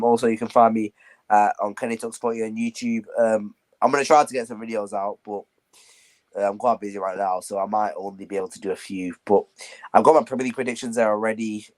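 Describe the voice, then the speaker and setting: Young Englishman teasing his rival. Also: on the low side. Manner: teasing, mocking, repeats taunts with laughter. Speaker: guest football pundit. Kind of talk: casual banter.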